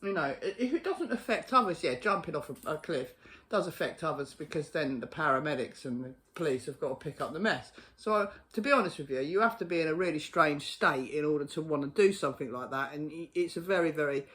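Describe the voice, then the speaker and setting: A woman's voice: low-pitched, animated, moderate pace. A woman ranting to camera in a casual vlog, exasperated and sweary, often laughing in disbelief. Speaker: vlogger.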